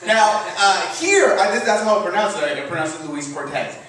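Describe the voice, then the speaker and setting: A man's voice: sits high, fairly quick, background noise. A man from Mexico with a Mexican accent, telling a self-mocking story on a comedy stage. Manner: animated, self-mocking, laughs at own jokes. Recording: echoey stage recording from a distance, faint ambience.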